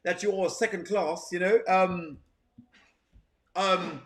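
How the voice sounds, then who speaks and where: A man's voice: sits high, big pitch swings, slow, sharp tone, exaggerated voice. A man putting on a snooty posh little boy. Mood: haughty. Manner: prissy, affected fancy talk. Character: snobbish posh little boy mocking his mother.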